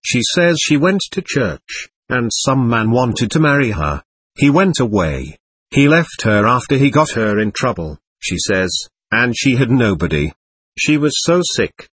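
A lost, lonely girl spirit with a childlike way of speaking, as a man reads her lines aloud. The voice is husky and slightly breathy, with a lively, rising and falling pitch, in a dry, close sound. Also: no room sound, full character voice. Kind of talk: reading a séance transcript aloud.

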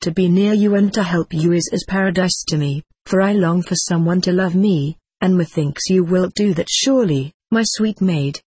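Audiobook: solemn young male spirit, old-fashioned speech, husky tone, dry close sound voiced by the reader. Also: mid-range voice, moderate pace, few pauses, darkish tone, no room sound, lightly acted. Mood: tender. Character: sad, loving male spirit of a young man. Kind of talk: audiobook reading.

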